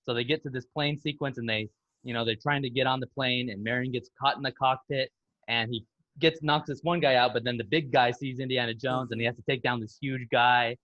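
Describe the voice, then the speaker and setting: A man's voice: medium pitch, steady tone, brisk, sharp tone, no room sound, lo-fi sound. A man co-hosting a casual film podcast, eagerly retelling movie scenes and acting out their lines. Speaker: podcast co-host.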